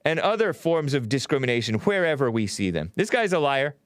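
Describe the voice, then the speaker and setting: A man hosts a solo commentary show, reading news aloud and breaking in with mocking, sarcastic remarks. His voice is lively, jumping around in pitch. The sound is close and dry, with no room echo. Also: brisk, clean tone. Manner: sarcastic, mocking asides between quoted statements. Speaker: podcast host.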